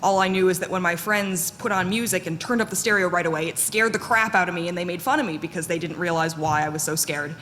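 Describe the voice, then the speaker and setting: A woman giving a live conference talk in a fairly monotone, candid and self-deprecating way, with plenty of fillers. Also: on the low side, quick pace, hardly any pauses. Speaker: conference speaker. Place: conference hall. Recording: echoey hall with faint noise.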